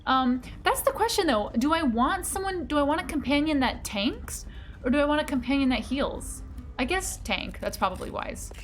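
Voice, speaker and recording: A woman's voice: high-pitched, expressive, normal speed, slight background noise. A woman streaming a game, chatting casually with her viewers in a bubbly, giggly manner. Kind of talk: casual live-stream chat while gaming.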